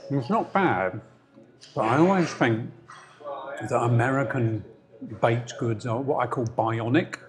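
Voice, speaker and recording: A man's voice: medium pitch, a little slow, pauses often. Wry London man hosting a podcast. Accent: London English. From North London, England. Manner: wry, joking storyteller. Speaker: podcast co-host. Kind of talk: casual chat. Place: coffee shop.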